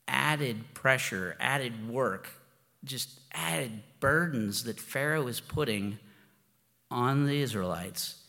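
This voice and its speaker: A man's voice: medium pitch, creaky, fairly bright tone. Guy pastor preaching casual, lots of restarts, mid voice, big hall echo. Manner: informal and storytelling, with frequent restarts and "you know". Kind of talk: conversational sermon. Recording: long hall reverb.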